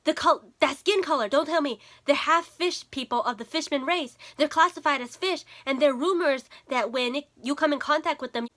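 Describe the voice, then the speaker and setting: A woman's voice: sits high, a little fast, hardly any pauses, a bit bright, pitched above the performer's own voice. A woman voicing an arrogant young male king who sneers and recoils. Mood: squeamish.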